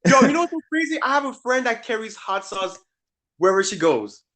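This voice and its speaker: A man co-hosting a podcast in casual chat, playful and joking, quick with his reactions. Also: very high-pitched, very animated, sharp tone. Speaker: podcast co-host.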